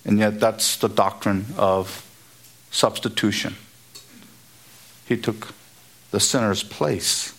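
A man preaching an expository sermon, emphatic and building to high, repeated exhortations. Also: fairly even intonation, slow pace, pauses often, a bit bright.

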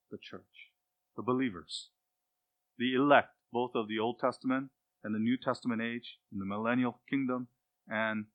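A man preaching an expository sermon, stressing key words by repeating them and dropping to quiet asides. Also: mid-range voice, no echo. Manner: emphatic, repeats key words, swings between loud stress and hushed asides. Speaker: pastor.

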